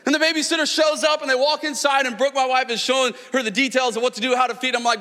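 Pastor, male, 30s, high bright voice, lively storyteller, reverberant church hall. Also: quick pace, hardly any pauses. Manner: animated storytelling, rising to near-shouts. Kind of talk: sermon.

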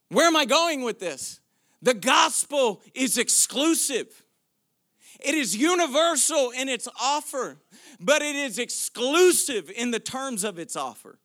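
High, bright-voiced man preaching. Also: big pitch swings, unhurried. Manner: preaching, building from quiet questions to shouted declarations. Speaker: pastor. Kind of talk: sermon.

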